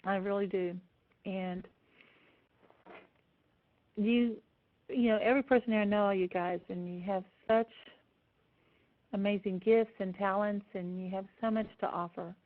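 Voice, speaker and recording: A woman presenting an online seminar, tender and close to tears as she speaks warmly to her attendees. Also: medium pitch, steady tone, a little slow, pauses often. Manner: warm, affectionate address to attendees. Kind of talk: live online seminar talk. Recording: tinny phone-like audio.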